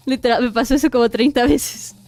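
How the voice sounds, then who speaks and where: A woman's voice: fairly high pitch, fairly even intonation, a little fast, a little mellow, soft background music. A young woman from Mexico with a Mexican accent, chatting casually while she draws on a stream, giggling often and mixing English with Spanish. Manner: bubbly, giggly, switching between English and Spanish. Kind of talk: casual chat while drawing.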